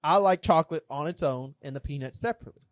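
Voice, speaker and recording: A man's voice: on the high side, fast, no room sound. A young man co-hosting a casual podcast, rambling through stories and getting fired up over his opinions. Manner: rambling storyteller, gets fired up. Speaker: podcast co-host. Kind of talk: casual chat.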